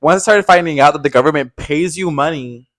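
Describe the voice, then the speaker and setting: Young male co-host, slightly high voice, giggly and dramatic. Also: a little fast, a bit bright, no echo. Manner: laughs often, dramatic, gossipy. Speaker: podcast co-host. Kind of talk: casual chat.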